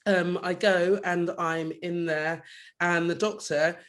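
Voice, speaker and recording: A young man from London, co-hosting a podcast, tells his stories in an animated casual way and swears when he recounts anger. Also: high-pitched, slow. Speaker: podcast co-host. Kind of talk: casual chat.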